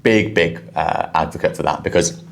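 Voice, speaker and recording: A man with a southwest English accent talks through a podcast clip he recorded, breaking down what was said. His voice sits very low, and he speaks quickly and explains as he goes, often restarting his sentences. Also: vocal fry. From southwest England. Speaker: podcast host reviewing a clip.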